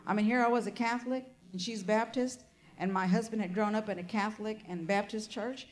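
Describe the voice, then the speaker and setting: A woman's voice: medium pitch, fairly even intonation, fairly quick. An older woman preaching a sermon, fervent and peppered with amens and hallelujahs, telling personal stories with asides.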